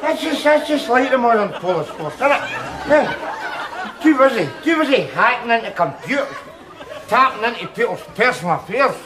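A man's voice: very high-pitched, animated, moderate pace, crowd noise, background noise. A man with a Glaswegian accent, playing a scruffy, sardonic middle-aged man in a jail cell who rambles and stammers through restarts. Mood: sardonic rant. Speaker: sitcom lead. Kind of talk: sitcom monologue.

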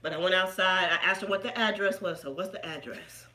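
A woman's voice: lowish voice, brisk, bright, forceful tone. A woman hosting a casual chat, telling a story emphatically and laughing along. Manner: chatty and emphatic, laughing as she tells it. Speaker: channel host. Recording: echoey room.

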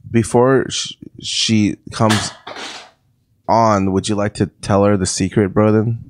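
A man's voice: on the low side, steady tone, slow pace. A young man co-hosting a casual podcast, teasing his friends and laughing a lot. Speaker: podcast co-host.

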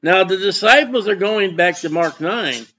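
A man's voice: high voice, normal speed, pushed and bright, lo-fi sound, slight background noise. A man preaching a sermon as pastor, folksy and conversational, often putting questions to his congregation.

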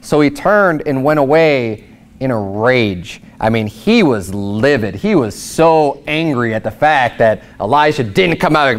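A male pastor giving a sermon in a conversational, animated storytelling way. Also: a little high, a little slow.

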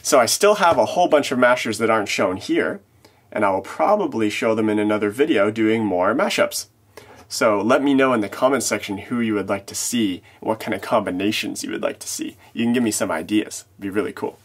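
A man hosts a casual toy showcase vlog in an easygoing way, chuckling between remarks. His voice is fairly low and husky. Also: a little fast. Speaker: toy channel host.

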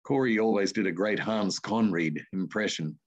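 Here an older man, a voice artist with an Australian accent, chats as an interview guest. His fairly low voice moves at a normal speed through rambling anecdotes enlivened by colorful asides.

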